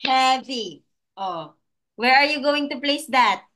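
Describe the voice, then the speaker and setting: Woman, English tutor on a video call, higher voice, bright tone, slow and encouraging. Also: lively intonation. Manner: patient and encouraging, laughs often. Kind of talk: one-on-one online lesson for a child.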